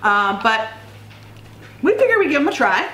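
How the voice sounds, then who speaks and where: A woman's voice: on the high side, sing-song, moderate pace, sharp tone. A woman co-hosting a casual mukbang vlog, chatty and talkative. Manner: chatty, reads out a list at length. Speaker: co-host. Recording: echoey room, some background noise.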